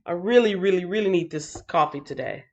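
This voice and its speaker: A woman hosting a casual livestream, who sounds tired after a night shift. She reads out chat comments in an animated, playful way and breaks into sing-song bits. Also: lowish voice, a little fast, muffled recording. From Texas. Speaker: livestream host.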